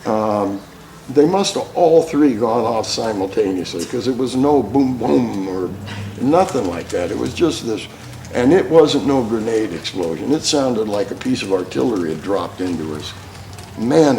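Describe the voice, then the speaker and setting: A man's voice: on the low side, lively intonation, moderate pace, a little mellow. Older man, folksy, profane storyteller, roomy hall, faint hiss. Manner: folksy and profane, laughs through his stories. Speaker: speaker, war veteran. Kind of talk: storytelling talk. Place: theater school hall.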